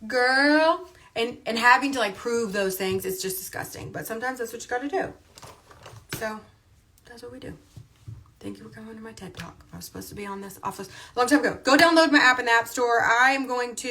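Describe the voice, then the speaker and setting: A woman's voice: on the high side, a little fast, sharp tone. Emphatic chatty woman livestreaming. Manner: emphatic, chatty, repeats points. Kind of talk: casual livestream monologue.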